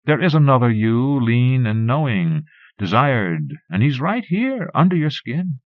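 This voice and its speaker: A man reading a short story aloud as an audiobook narrator, in a measured, even way. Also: mid-range voice, dry recording. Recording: dull lo-fi cassette recording.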